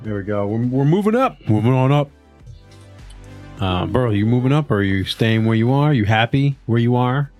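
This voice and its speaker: A man playing a tabletop game, excitable and joking, with casual swearing. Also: mid-range voice, normal speed, soft background music. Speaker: player. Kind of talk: casual tabletop role-play.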